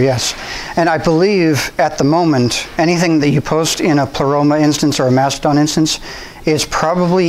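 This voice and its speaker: Man presenting to a club audience, slightly higher pitch, easygoing with ums and restarts. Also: poor audio. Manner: conversational, relaxed, with frequent restarts and ums. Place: university room.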